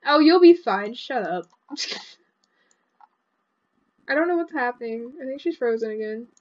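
A young woman giving casual, excitable commentary over a video game, often breaking into laughter. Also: a little high, a little slow, muffled recording. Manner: giggly, excitable, shrieks with laughter. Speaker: gaming vlogger.

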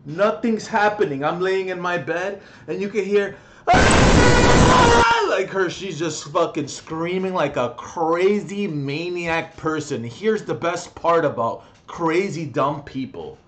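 Young man, fairly high voice, angry vlog rant, profane, agitated, loud outbursts. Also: unhurried, hardly any pauses, noisy background. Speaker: vlogger.

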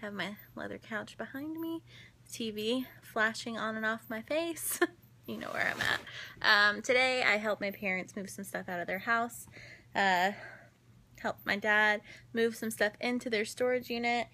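A woman's voice: fairly high pitch, measured pace, pushed and bright, slight background noise. A young woman chatting casually to her phone camera from her living room couch at home, upbeat and giggly. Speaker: daily vlogger. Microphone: phone camera held close.

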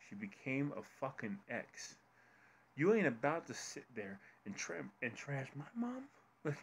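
A man ranting in open fury during a reaction commentary. His voice sits at an ordinary middle pitch, and he swears hard as he raises it against someone. He keeps pushing the attack without pause. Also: a bit bright. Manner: furious ranting, heavy swearing. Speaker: commentary co-host.

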